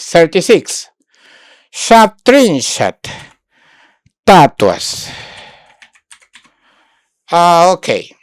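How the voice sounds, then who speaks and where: Her voice is lowish and a little mellow as she works through a Sanskrit lesson on screen for online students. She halts and repeats words while thinking aloud, often putting them into Spanish, and the recording is clean studio sound with no room noise.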